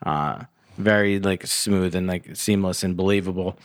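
A man co-hosting a podcast in casual movie review chat, relaxed and easygoing. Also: low-pitched, normal speed, no room sound, studio quality. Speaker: podcast co-host.

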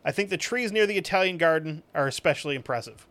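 A man hosting a podcast, reading reviews aloud with sarcastic, profane, deadpan asides. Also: a little high, fast talker. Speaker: podcast host.

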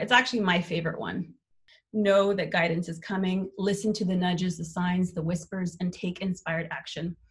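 A young adult woman with a mid-range, fairly bright voice hosts a live online motivational workshop as a life coach. She's upbeat and candid, swearing casually while she coaches.

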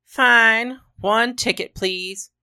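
A woman's voice: a little high, extremely slow, bright, forceful tone, voice pushed up, full character voice. A woman voicing a prim, fussy woman traveler pestering a clerk. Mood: chirpy.

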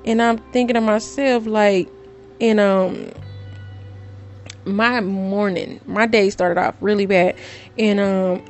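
A woman's voice: mid-range voice, fairly even intonation, slow, pauses often, faint music behind. A woman podcast host, talking straight to her listeners in an emotional, preachy way. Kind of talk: casual monologue.

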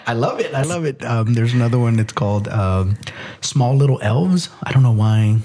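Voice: medium pitch, lively intonation, normal speed, dark tone. A podcast co-host in casual chat, hesitant and full of restarts, laughing often.

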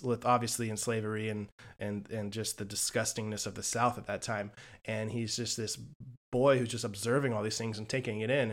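Animated man retelling films casually. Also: medium pitch. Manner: animated storytelling with quoted lines. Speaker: podcast co-host reviewing films. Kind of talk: casual chat.

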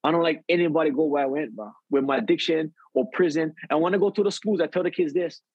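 A man with a Hawaiian Pidgin English accent telling his recovery story as a podcast guest, lively and animated. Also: fairly high pitch, fast, no room sound, dull audio. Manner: lively, acts out quotes, says "bro" often.

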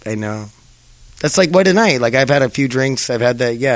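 A man's voice: mid-range voice, fairly quick, no echo. A young man hosting a podcast in a rambling casual chat, swearing and laughing as he talks. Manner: rambling, profane, laughs often. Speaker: podcast host.

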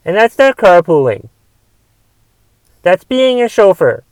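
A young man rants on his own podcast, rambling and grumbling with plenty of restarts and the odd curse. His voice sits a touch high for a man and comes across smooth and resonant. The sound is close and dry, with no room around it. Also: sing-song, slow pace, darkish tone, dry recording. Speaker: podcast host. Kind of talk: casual solo podcast rant.

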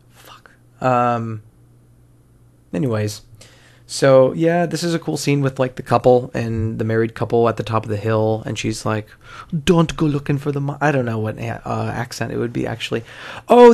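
A man with a gravelly, creaky voice at a middling pitch talks through an old film as it plays. He rambles, restarts his sentences and swears offhand in a loose commentary. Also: darkish tone. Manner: rambling, self-correcting, swears casually. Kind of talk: casual watch-along movie commentary.

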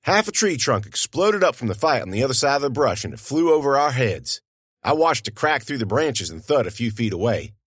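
A man's voice: medium pitch, very animated, a little fast, fairly bright tone, husky, no room sound, studio quality. A man narrating an audiobook in a folksy, conversational storytelling manner.

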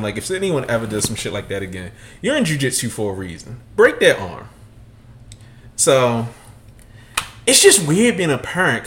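A man in his thirties co-hosting a sneaker podcast, telling stories in casual, profane chat and acting out loud quotes. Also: mid-range voice, slight background noise. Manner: animated, profane storytelling with loud acted-out quotes. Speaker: podcast co-host.

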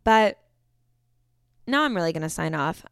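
A woman's voice: on the low side, expressive, moderate pace, vocal fry, fairly bright tone, clear, resonant tone, no room sound, clean studio sound. A young woman in her twenties hosting a solo podcast, chatty and rambling, often correcting herself mid-sentence. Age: 20s. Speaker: podcast host. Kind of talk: casual solo podcast talk.

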